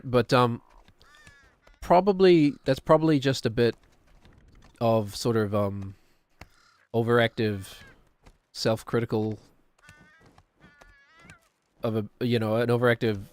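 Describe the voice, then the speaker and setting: Streaming while he games, a middle-aged man from New Zealand talks casually in his native accent, rambling on, chuckling and self-correcting as he goes. He speaks at a measured pace with frequent pauses, his mid-range voice darkish in tone, recorded dry.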